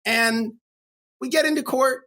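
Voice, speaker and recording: A man's voice: extremely high pitch, unhurried, sharp tone. A middle-aged man, a divorce attorney co-hosting a podcast, telling a courtroom story in a worked-up rant and acting out the voices of the people in it. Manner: worked-up ranting, acts out quoted voices.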